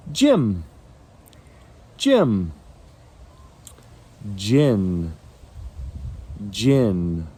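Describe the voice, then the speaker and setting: A man teaching English pronunciation, saying each word twice slowly and carefully. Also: fairly low pitch, mellow. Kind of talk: slow, deliberate word drills.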